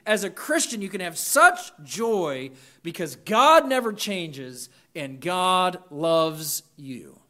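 A man's voice: high-pitched, bright, forceful tone. A man preaching a sermon to students, reading scripture with emphatic lists and chatty asides. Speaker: pastor.

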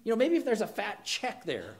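A man preaching a sermon, animated and emphatic, acting out quoted voices. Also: high voice, a little fast. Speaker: pastor.

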